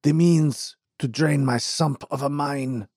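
A man voicing an ailing elderly male mine owner, gruff yet hearty, with a strained, raised old voice. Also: on the high side, fairly even intonation, takes it slowly, a little mellow, dry recording, clean studio sound, voice pushed up.

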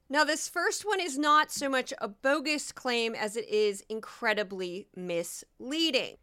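A woman's voice: high voice, measured pace, few pauses, bright, forceful tone, smooth. A woman from Missouri hosting a solo podcast, talking in a casual, sarcastic and mocking way. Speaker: podcast host.

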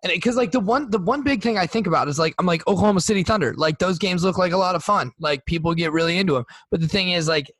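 A man's voice: high voice, quick pace, hardly any pauses, a bit bright, dry recording. A man co-hosting a podcast, talking in a rambling, hesitant way with many restarts. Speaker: podcast co-host. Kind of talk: casual chat.

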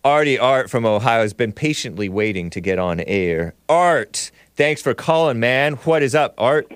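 A man's voice: medium pitch, animated, normal speed, smooth, no room sound, clean studio sound. A man hosting a call-in show, bantering with callers and laughing often.

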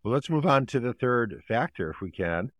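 A man's voice: mid-range voice, moderate pace, dry recording. A man, a family doctor and author, answering interview questions with long stories and acting out the people in them. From United States. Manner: acts out quoted voices in anecdotes, animated retelling. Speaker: family physician and author, podcast guest.

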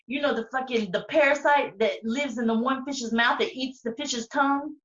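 A woman's voice: high voice, moderate pace, a bit bright. A woman co-hosting a podcast in rowdy, profane casual chat, laughing often. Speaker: podcast co-host. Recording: echoey, distant, dull mic.

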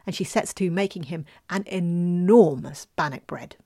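A woman telling a folk tale in a lively, expressive way, dropping at times into a whisper. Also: on the low side, normal speed. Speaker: storyteller.

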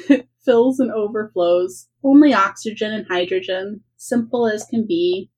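A woman's voice: medium pitch, moderate pace, rough recording. A woman hosting a podcast, chatting enthusiastically about books and laughing often. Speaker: podcast host. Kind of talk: casual book chat.

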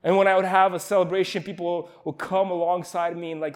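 A young man giving an emotional, earnest informal sermon at a youth camp, with halting restarts. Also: high voice, level tone.

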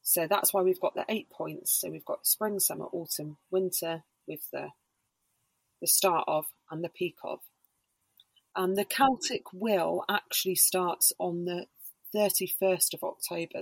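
A woman speaking in a husky, gravelly voice, pitched on the low side. She talks through her ideas slowly in a relaxed podcast chat, leaning on fillers. The recording is close and dry. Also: no echo. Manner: explains slowly with many hedging fillers. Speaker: podcast guest, Reiki practitioner and embodiment coach.

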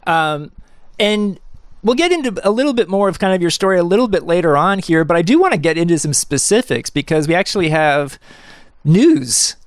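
A man's voice: high voice, expressive, fairly quick, dry recording, studio quality. A man hosting an interview podcast, enthusiastic and rambling, with frequent restarts. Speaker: podcast host.

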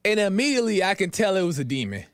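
A man with a slightly high voice tells a story on his own podcast in a loose, rambling way, circling back with "right?" and "you know". The recording is dry and close, with no room around it. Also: big pitch swings, rapid-fire, no room sound. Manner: loose, repetitive, talks in fillers and "right?". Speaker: podcast host. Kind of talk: casual storytelling monologue.

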